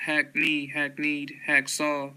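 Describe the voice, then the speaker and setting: A man reading dictionary entries aloud, slowly and flatly, one word after another. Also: fairly high pitch, smooth, low-quality recording. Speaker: dictionary reader.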